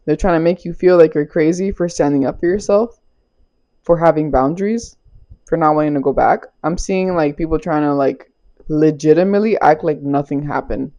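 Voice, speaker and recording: A young adult woman with a low, dark voice speaks at normal speed, the audio sounding dull. She gives a casual spiritual tarot reading, loose and playful, swearing, using slang and laughing often.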